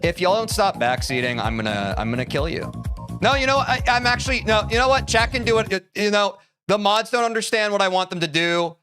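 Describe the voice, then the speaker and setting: A young man streaming live and lecturing his chat. His voice is high and lively, leaping up and down as he rants. Music plays clearly behind him. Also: a little fast, hardly any pauses. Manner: heated, preachy, addresses chat directly.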